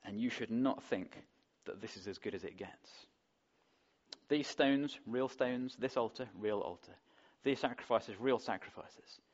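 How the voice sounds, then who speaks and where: A man's voice: medium pitch, a little slow. A man preaching a sermon in a conversational way, often putting rhetorical questions to the congregation, on a dull lo-fi recording. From England.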